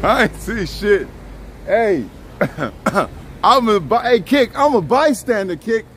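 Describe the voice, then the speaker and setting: A man livestreaming outdoors on a city street, bantering loudly, laughing and swearing into a handheld phone. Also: high voice, very animated, takes it slowly, slight background noise. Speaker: IRL livestreamer. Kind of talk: casual street banter on a live stream.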